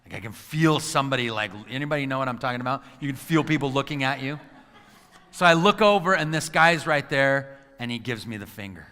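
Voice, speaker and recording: A middle-aged motivational speaker and coach addresses a live audience, acting out scenes in his stories and quizzing the crowd. His mid-range voice is sharp and clean, and he talks fairly quickly. The large hall gives a long reverb.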